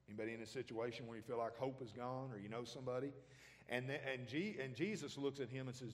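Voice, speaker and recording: A man's voice: medium pitch, fast talker, in a large hall. A man preaching a sermon as pastor, talking conversationally and throwing questions out to the congregation.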